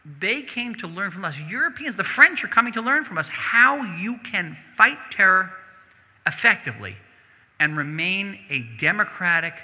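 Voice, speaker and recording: A man's voice: high-pitched, sharp tone. A man, a diplomat, answering audience questions at a synagogue event in an emphatic, conversational way, repeating words as he goes. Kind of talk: public Q&A answer. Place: synagogue hall. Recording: hall reverb.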